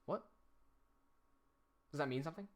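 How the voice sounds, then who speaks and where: A man's voice: fairly high pitch, normal speed. A man streaming and chatting casually, rambling and reading chat aloud.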